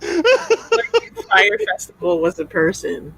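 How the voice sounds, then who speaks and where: Podcast co-host, deadpan wit, unhurried delivery, husky tone with a lively pitch. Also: rough recording. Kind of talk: casual podcast banter.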